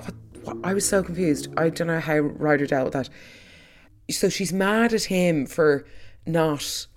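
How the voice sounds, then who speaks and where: A speaker giving a chatty, opinionated recap of a soap opera, with quick asides and restarts. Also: mid-range voice, a little mellow. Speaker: soap recap podcast host. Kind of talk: casual chat.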